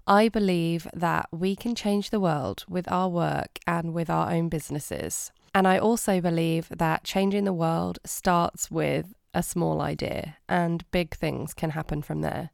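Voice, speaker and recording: A woman with a low, gravelly voice talks through a solo podcast episode, nasal from a cold. She speaks in a candid, earnest way. The sound is close and dry, with no room around it. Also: a little slow, few pauses, no room sound. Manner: candid, earnest and self-doubting. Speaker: podcast host.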